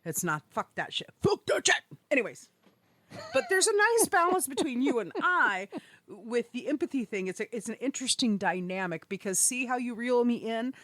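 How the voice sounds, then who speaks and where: A woman's voice: fairly high pitch, normal speed, no room sound. A woman co-hosting a podcast in casual chat, swearing freely and laughing often as she talks. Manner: profane, excitable and laughing. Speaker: podcast co-host.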